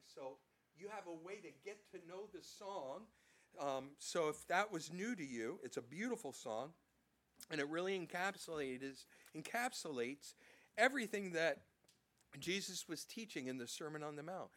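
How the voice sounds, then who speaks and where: Middle-aged male pastor, slightly high-pitched, preaches in a folksy, plain way, repeating words as he goes. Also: a bit bright. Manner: folksy, down-to-earth preaching with many restarts. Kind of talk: sermon.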